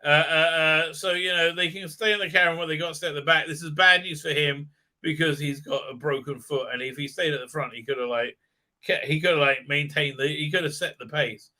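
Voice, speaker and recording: A man's voice: a little high, fairly even intonation, a little fast, bright, forceful tone. A man ranting sarcastically in a show review, swearing often and full of fillers and restarts. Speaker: commentator.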